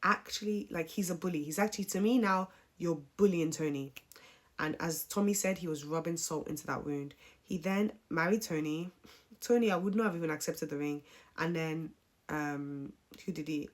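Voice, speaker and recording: A woman casually recapping a reality show as a live stream host, candid and opinionated, swearing freely. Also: on the low side.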